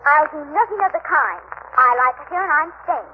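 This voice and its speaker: A woman's voice: high voice, expressive, brisk. A woman playing a prim, stubborn young girl in 1940s radio comedy acting. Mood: defiant. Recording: tinny old radio broadcast with hiss.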